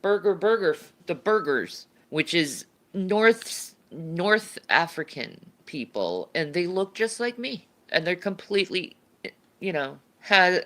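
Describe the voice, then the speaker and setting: A woman with a low, pushed, bright voice chats casually on her livestream, answering viewer questions. She rambles, laughs, and often restarts her sentences.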